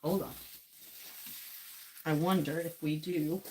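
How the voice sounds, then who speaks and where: Low, steady and warm, this woman's voice moves slowly, with a little hiss or hum on the recording. She's a cooking vlogger in her home kitchen, laughing frequently while she chats to viewers and herself over clattering dishes and cutlery.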